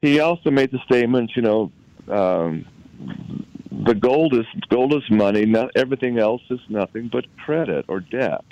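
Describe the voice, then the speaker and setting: A man from Utah, a guest recounting a personal story in conversation, halting and often repeating words as he recalls events. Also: mid-range voice, lively intonation, dark tone, no room sound, muffled recording.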